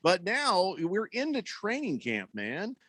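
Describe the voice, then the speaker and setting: Animated, ranting sports radio man. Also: high-pitched, slow pace, no echo. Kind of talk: sports talk radio banter.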